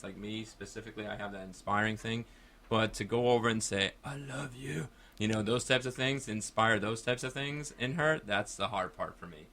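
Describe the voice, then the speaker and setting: A man with a lowish voice and a bright, forceful tone hosts a call-in radio talk show. He talks in a casual, rambling, upbeat way into a studio microphone.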